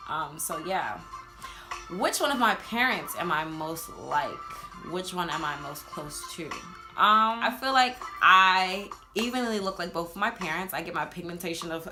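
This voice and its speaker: A woman in her twenties with a New Jersey accent, chatting casually in a get-to-know-me video and laughing often. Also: lowish voice. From Louisiana, raised in New Jersey. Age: 20s. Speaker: vlogger.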